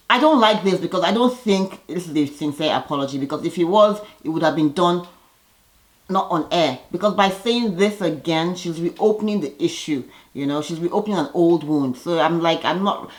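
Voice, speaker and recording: A woman vlogger giving a chatty, opinionated recap of a reality TV episode, with lively jumps in her voice. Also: poor audio. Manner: lively, gossipy, opinionated with sudden pitch jumps.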